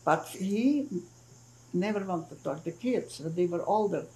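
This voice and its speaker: Older woman, grew up in Hungary, gravelly, halting testimony with restarts. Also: lowish voice, expressive, low-quality recording. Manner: halting, with frequent restarts and soft murmured "mm-hmm"s; acts out family dialogue when retelling it. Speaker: Holocaust survivor giving testimony. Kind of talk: recorded oral history interview.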